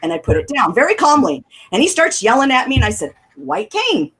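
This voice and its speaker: On a relaxed talk show, this middle-aged woman co-hosting spins lively, talkative anecdotes while sounding amused. She talks fast in a husky voice that sits a bit high and swings widely in pitch, captured on a low-quality recording.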